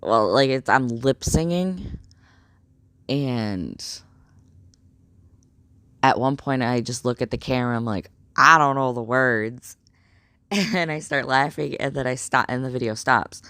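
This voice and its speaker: A young man telling a story in a casual vlog, rambling and excitable with lots of fillers. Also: mid-range voice, measured pace, pauses often, no echo. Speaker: vlogger.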